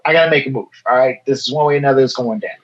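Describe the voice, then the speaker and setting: Animated storytelling man from Chicago. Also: medium pitch, highs cut off. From Chicago, South Side. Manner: animated, fast storytelling with quoted dialogue. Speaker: guest, photo editor. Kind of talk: casual storytelling interview.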